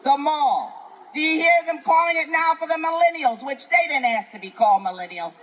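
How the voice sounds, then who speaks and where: A woman's voice: high voice, fairly quick, fairly bright tone, rough recording. An older woman with a New York accent doing a live stand-up set, ranting in a brash, profane, preachy way. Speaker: stand-up comedian. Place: outdoor festival stage.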